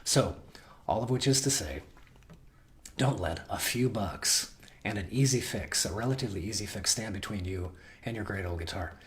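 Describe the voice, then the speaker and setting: A man with a fairly low voice hosts a guitar shop's weekly video and speaks casually to viewers. He rambles in a folksy way and often restarts his sentences. His voice is going, and he keeps breaking off to cough. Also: moderate pace. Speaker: guitar shop host. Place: guitar shop.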